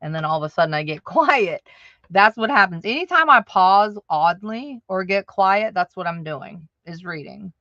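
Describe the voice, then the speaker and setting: A woman's voice: mid-range voice, lively intonation, moderate pace, pushed and bright, no room sound, highs cut off. A woman hosting a live stream who chats straight to her viewers, laughing often. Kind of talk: casual livestream chat. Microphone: audio-only livestream.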